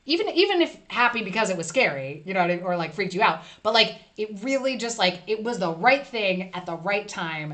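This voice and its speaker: A woman's voice: mid-range voice, a bit bright. A woman hosting a casual live stream, chatting playfully and reading viewer comments aloud. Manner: chatty, reads chat aloud, playful asides.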